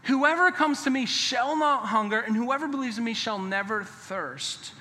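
A pastor preaching a sermon in a church, emphatic and conversational, sometimes dropping to a hushed, earnest tone. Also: male voice, extremely high pitch, expressive, moderate pace. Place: church sanctuary. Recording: long hall reverb.

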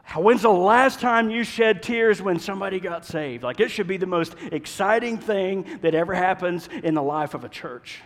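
A man preaching a sermon as pastor, swinging between loud urging and hushed, intimate asides. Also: sits high, normal speed, hardly any pauses, in a large hall. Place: church sanctuary.

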